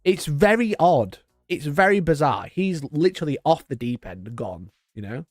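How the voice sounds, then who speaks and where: A man's voice: fairly high pitch, big pitch swings, moderate pace, dry recording, studio quality, soft background music. A man in his twenties hosting a live stream, chatting in a rambling, sweary way and laughing often. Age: 20s. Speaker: livestream host. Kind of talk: casual live-stream chat.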